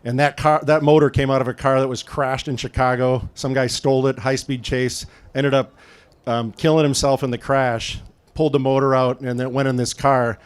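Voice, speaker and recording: A man's voice: medium pitch, flat delivery, normal speed, clear, resonant tone. A man from the American Midwest giving a casual storytelling talk at a car event, conversational with frequent "um" fillers. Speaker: guest speaker at a car event.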